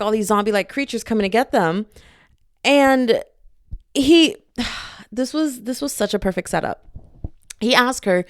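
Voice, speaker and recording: Young woman, casual book vlog, excitable, chatty, middle pitch, dry close sound. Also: dry recording. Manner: chatty and excitable, acting out characters' lines. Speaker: book vlogger.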